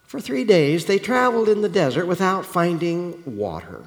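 Animated high-voiced man preaching. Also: moderate pace, long reverb tail. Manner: animated, questioning the listeners directly, frequent restarts. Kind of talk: sermon.

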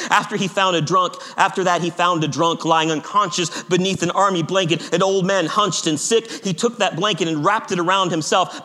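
A man giving an expressive, dramatic story reading, swinging from urgent and loud to hushed and slow. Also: fairly high pitch. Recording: long hall reverb.

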